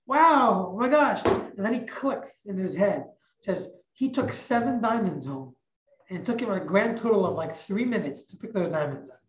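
A woman teacher telling a religious parable in an animated, emphatic way, often repeating phrases. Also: medium pitch, normal speed, slight background noise. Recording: echoey, muffled recording.

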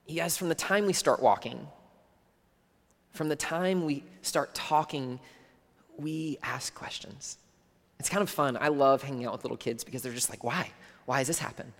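Earnest preacher in a reverberant hall. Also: male voice, fairly high pitch, fairly bright tone. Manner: earnest, conversational preaching, drops to near whisper at times. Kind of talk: sermon. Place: church hall.

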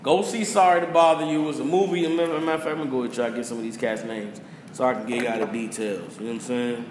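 A man's voice: medium pitch, quick pace, roomy sound, big-room sound, slight background noise. A man hosting a casual talk show, animatedly retelling a movie and acting out its lines. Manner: animated storytelling, acts out quotes. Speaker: podcast host. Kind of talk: casual chat, movie rundown.

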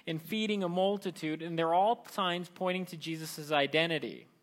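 A man preaching a sermon in a conversational, animated way, acting out the voices he quotes. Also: on the high side, normal speed. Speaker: pastor.

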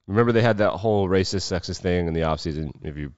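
A man's voice: low voice, fast talker, a little mellow, clear, resonant tone, dry recording, muffled recording. A man hosting a sports show, riffing off the cuff on games and clips with a wry, sardonic edge. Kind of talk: casual sports commentary.

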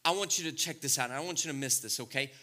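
A middle-aged male pastor preaching a sermon, swinging between loud, excited passages and hushed, intimate ones. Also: medium pitch, racing.

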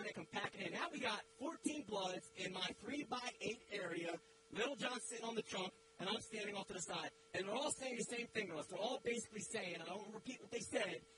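A man preaching in church, telling a dramatic story and building to loud, emphatic peaks. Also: high voice, background noise. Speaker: guest preacher. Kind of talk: sermon with storytelling.

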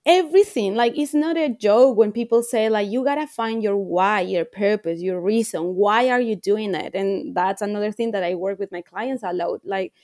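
A woman's voice: mid-range voice, normal speed, few pauses, a little mellow, dry recording, clean studio sound. A woman coach speaking as a podcast guest, earnest and reflective, repeating phrases for emphasis. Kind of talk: podcast interview.

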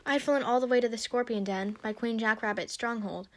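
A woman's voice: fairly high pitch, a little fast, close to an everyday voice. A woman reading aloud, voicing a fierce, proud young female dragon who talks in a snappish, defiant way. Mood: friendly. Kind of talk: storybook reading.

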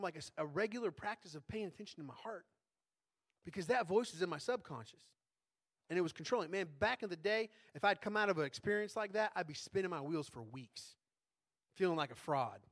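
A man's voice: sits high, fairly bright tone. A man preaching a sermon as a pastor in a conversational way, often checking in with tag questions.

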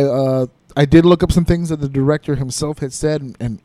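A man's voice: mid-range voice, mellow, no room sound. A man hosting his own podcast alone, chatting casually, rambling and correcting himself as he goes, with easy laughs. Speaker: podcast host. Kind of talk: casual solo podcast talk.

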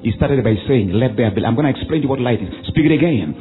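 A man preaching a sermon, commanding his listeners to repeat after him and swinging between loud calls and low drawn-out lines. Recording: tinny phone-like recording with faint music.

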